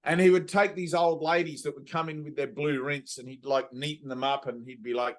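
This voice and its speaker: A man's voice: a little high, fairly even intonation, brisk, fairly bright tone. A man, a spiritual teacher giving a satsang talk over a video call, telling rambling stories and slipping into playful voices. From Australia.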